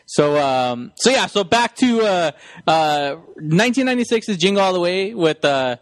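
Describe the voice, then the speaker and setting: A man hosting a podcast in loose, joking chat, slipping into silly voices to replay movie scenes. His voice sits high and swings widely in pitch. The recording is dry and close. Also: moderate pace, no room sound. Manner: animated, jokey, acts out movie lines in funny voices. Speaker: podcast host.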